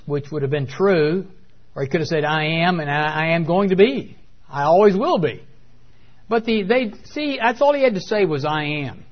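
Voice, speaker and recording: Preacher, male, slightly high voice, halting delivery full of fillers, lo-fi audio. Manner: hesitant with many fillers, emphatic on key words. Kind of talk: Bible teaching sermon.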